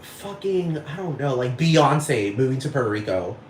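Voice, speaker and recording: Solo podcast man from Texas, rambling and foul-mouthed, mid-pitched voice, roomy echo with a faint hiss. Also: lively intonation, normal speed. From Texas, United States. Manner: rambling, profane, keeps asking if you follow. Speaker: podcast host. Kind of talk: casual monologue rant. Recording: echoey room with faint noise.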